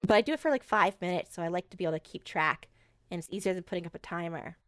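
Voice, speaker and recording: A woman's voice: fairly low pitch, quick pace, a bit bright, dry recording, studio quality. A woman streaming a game, chatting casually and rambling with lots of fillers.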